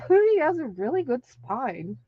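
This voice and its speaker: A woman's voice: high-pitched, big pitch swings, slow pace, husky, dry recording. A woman in her late thirties or older, chatting casually on a live stream, laughing often and acting out what people said in her stories. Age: over 35. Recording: dull lo-fi stream audio.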